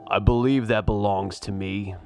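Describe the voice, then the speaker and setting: A dark, mysterious villain lord speaks slowly and quietly, as if every word is an order, as a man puts him on. His voice sits low. Soft music plays underneath. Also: steady tone, vocal fry. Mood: menacing. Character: dark mysterious male villain called Master.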